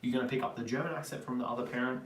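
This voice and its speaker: A man's voice: mid-range voice, fairly even intonation, very fast, roomy sound, recorded from a distance, slight background noise. An Australian man hosting a casual live Q&A stream, reading viewer questions aloud and rambling through his answers with lots of ums. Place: home in Germany.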